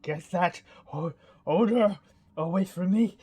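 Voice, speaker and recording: A man's voice: sits high, slow pace, a little mellow, husky, pitched above the performer's own voice, exaggerated voice. A man voicing a proud king who is disgusted and commanding, giving clipped orders in a tabletop game. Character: proud, fuming king, easily repulsed.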